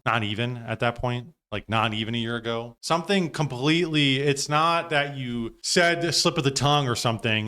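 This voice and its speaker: A man's voice: medium pitch, pushed and bright. A man hosting a live stream, commenting casually with loose, profane asides. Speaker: stream host.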